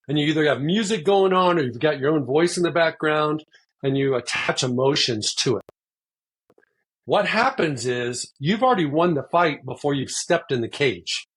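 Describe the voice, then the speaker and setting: Male host and mindset coach; earnest, husky-toned delivery. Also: a little high. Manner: earnest, builds points with sports analogies. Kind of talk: coaching talk in an interview.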